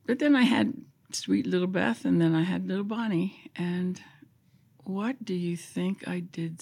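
A woman's voice: lowish voice, a little slow, a little mellow, breathy edge. An older woman sharing her life story as an interview guest, emotional and at times dropping to a whisper. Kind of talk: personal testimony in an interview.

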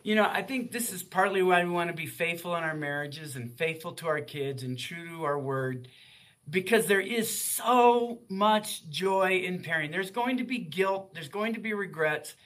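High, bright-voiced older man. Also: normal speed. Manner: earnest, heartfelt storytelling. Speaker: guest author. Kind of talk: faith-based radio interview.

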